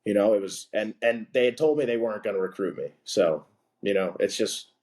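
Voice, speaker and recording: A man's voice: lowish voice, a little fast, darkish tone. A young man telling a story as a podcast guest, rambling and filling his talk with "like". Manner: rambling, heavy on filler "like". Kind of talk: casual storytelling.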